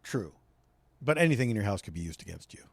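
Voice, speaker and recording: A man co-hosts a home podcast with a mid-pitched voice. His pitch rises and falls a lot as he makes wry, dry remarks. The recording is close and dry. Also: very animated, fast talker, creaky, no room sound. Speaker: podcast co-host. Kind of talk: casual chat. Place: home, indoors.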